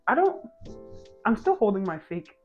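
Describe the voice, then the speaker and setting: A woman in her twenties telling a personal story to camera in a casual vlog, chatty with quick self-mocking asides. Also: low-pitched, narrow, tinny audio, faint music behind. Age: 20s. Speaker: storytime vlogger.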